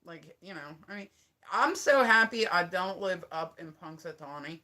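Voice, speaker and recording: A woman's voice: lowish voice, lively intonation, normal speed, bright, forceful tone. A woman in her thirties rambling casually on a livestream, swearing often and filling her talk with "like". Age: 30s. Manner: rambling, profane, filler-heavy talk.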